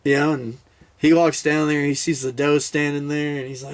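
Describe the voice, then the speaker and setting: A man's voice: fairly high pitch, level tone, normal speed. A man, a military veteran, casually telling a hunting story in a rambling, laid-back way with many fillers and restarts.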